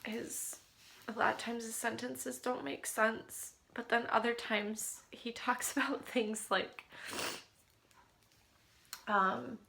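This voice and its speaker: A woman talks to the camera in a personal video diary about caring for her sick husband. Her voice is bright and gravelly. She is emotional and often sinks to a near whisper. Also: a little high, fairly even intonation, slow, long pauses, slight background noise.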